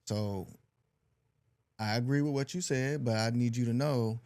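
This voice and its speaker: Animated dad telling stories. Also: male voice, mid-range voice, a little slow. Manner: animated storyteller, quotes his daughter's talk. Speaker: podcast co-host. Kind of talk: casual chat.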